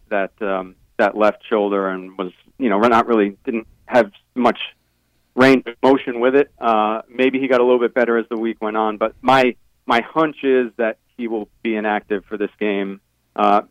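Low-voiced man analyzing football by phone. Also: no echo, rough recording. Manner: thoughtful, hedging with many fillers. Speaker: team beat reporter. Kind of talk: radio sports phone-in analysis.

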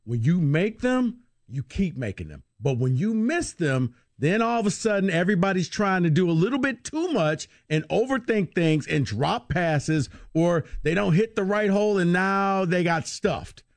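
A man hosting sports talk radio, explaining a game in a relaxed way. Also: sits high, normal speed, few pauses, no room sound.

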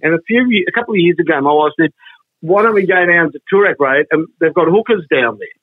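A man's voice: fairly high pitch, fast talker, a little hiss or hum. A man telling rambling stories and jokes on a radio show, repeating himself as he goes. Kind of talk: casual storytelling banter. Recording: dull, husky, dry line.

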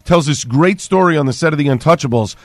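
A man's voice: on the high side, fast, dry recording. A man co-hosting a radio show, telling stories in a chatty, enthusiastic way and reading the local news. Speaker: radio news anchor and co-host. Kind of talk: casual banter and news reading. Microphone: studio microphone.

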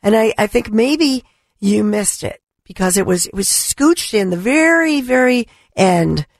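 Hoarse, indignant talk radio host woman. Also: medium pitch, animated, measured pace, dry recording, clean studio sound. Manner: impassioned, indignant, with restarts. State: hoarse from allergies. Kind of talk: opinion talk radio monologue. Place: radio studio. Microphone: studio microphone.

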